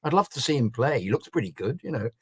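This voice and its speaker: A man's voice: medium pitch, sing-song, fast, slightly rough, no echo. A man co-hosting a football podcast, musing and giving wry opinions in casual chat. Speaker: podcast co-host.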